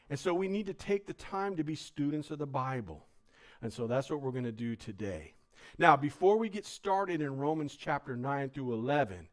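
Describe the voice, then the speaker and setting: A man delivers a sermon from the pulpit of a church. His voice sits a bit high, and his style is casual, plain-spoken and easygoing, with "man" dropped into his sentences. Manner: casual, joking, says "man" often. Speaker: pastor.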